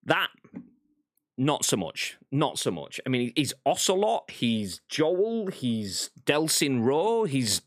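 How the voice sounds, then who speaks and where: A man's voice: mid-range voice, very animated, slow, dry recording, studio quality. A British man hosting a gaming news podcast, reading articles aloud and reacting bluntly. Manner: blunt, exasperated commentary. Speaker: podcast host.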